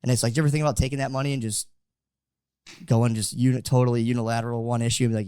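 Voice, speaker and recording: A man from the United States talks quickly in loose podcast chat. He rambles and restarts, with filler words all the way through. The mic is close and the sound dry, with no room in it. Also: medium pitch, little pitch movement, dark tone, clear, resonant tone, no echo. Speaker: podcast co-host. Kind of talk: casual chat.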